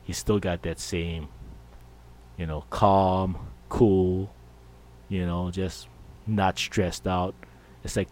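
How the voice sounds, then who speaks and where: A man's voice: low voice, little pitch movement, takes it slowly, long pauses, a little mellow. A middle-aged man hosting a podcast, rambling and jokey in a casual monologue. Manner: rambling, jokey, full of fillers. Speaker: podcast host.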